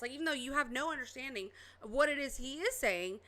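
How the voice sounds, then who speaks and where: A woman's voice: fairly high pitch, lively intonation, quick pace, few pauses, fairly bright tone. A woman giving loose, chatty commentary as she reacts to a clip, with lots of fillers.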